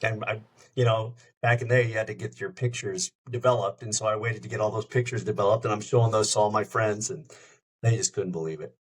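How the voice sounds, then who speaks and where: Speaking a little fast in a lowish voice, a middle-aged radio host shares casual stories on a podcast with rough sound quality. He animates each anecdote by acting out the quoted voices.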